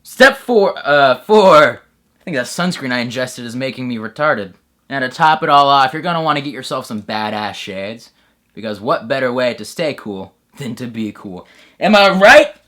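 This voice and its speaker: A young man with a bright, forward voice hosts a satirical comedy bit. He delivers mock-serious narration in a flat, dry tone, then breaks into crude, shouty bro outbursts. His humor is sarcastic and profane throughout. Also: mid-range voice, normal speed. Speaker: comedy sketch host.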